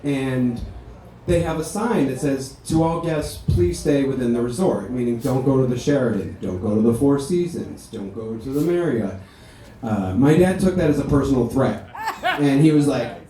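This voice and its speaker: Man delivering a eulogy: mellow, animated anecdotes, distant mic in a reverberant ballroom. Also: mid-range voice, moderate pace. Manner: chatty, animated storytelling. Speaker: son giving a eulogy. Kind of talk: memorial speech with anecdotes. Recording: echoey hall, speaker heard from a distance.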